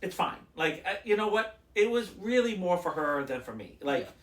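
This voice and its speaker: High-voiced and fairly bright, this male podcast co-host swings widely in pitch while keeping a normal speed, and the sound is roomy. He tells meandering stories in relaxed chat, voicing the people he quotes.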